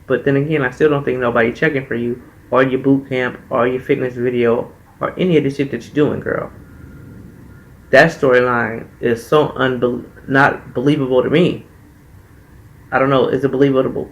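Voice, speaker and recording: A man's voice: mid-range voice, fairly even intonation, normal speed, low-quality recording. A man reviewing a reality TV episode in a casual, blunt and profane way, heated in his opinions. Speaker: TV show reviewer.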